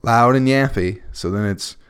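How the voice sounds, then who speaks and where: A man's voice: medium pitch, a little slow, smooth. A young man, a comedian, talking through a casual, profane, scattered podcast monologue with a wry edge.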